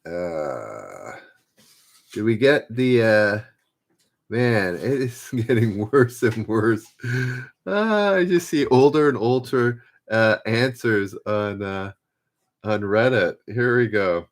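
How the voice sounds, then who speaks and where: A man hosting a live-stream trivia game, relaxed and self-deprecating, repeating each question as he reads out viewers' guesses. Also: on the low side, takes it slowly. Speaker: trivia host.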